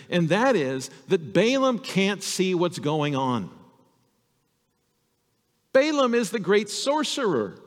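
A male pastor telling a Bible story to children in an animated, storytelling sermon. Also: fairly high pitch, big-room sound.

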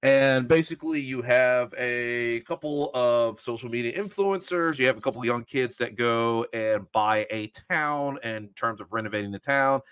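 A man co-hosting a casual horror movie podcast, introducing films with a dry, deliberate delivery. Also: medium pitch, a bit bright, smooth, no echo. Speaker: podcast co-host.

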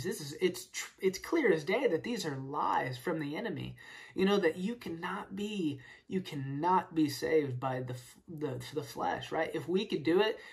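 A speaker giving a casual Bible study, explaining verses with rhetorical questions and peppering the talk with "right?" and "man.". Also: mid-range voice. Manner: casual, filler-heavy, keeps saying "right?" and "man". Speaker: Bible teacher.

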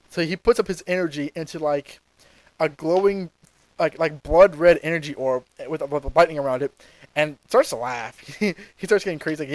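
A man co-hosting a podcast, casually retelling a fight scene with lots of fillers and quick acted-out lines. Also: a little high, no echo. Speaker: podcast co-host. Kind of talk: casual episode recap.

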